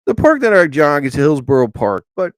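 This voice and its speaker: Excitable rambling man on a live stream. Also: a little high, normal speed, dry recording. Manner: rambling, excitable, swears casually, says "man". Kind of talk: casual live stream chat.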